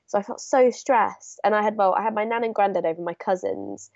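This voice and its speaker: A woman's voice: mid-range voice, fast talker, dry recording. A woman co-hosting a podcast, telling stories with enthusiasm. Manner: enthusiastic, animated storytelling. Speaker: podcast co-host. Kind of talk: casual chat. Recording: dry, dull remote line.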